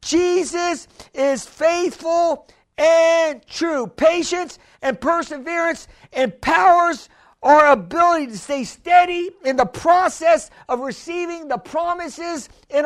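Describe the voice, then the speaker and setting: A woman with a high, expressive voice preaches an emphatic sermon, repeating key phrases and stumbling into restarts. She slows right down hard to stress her points.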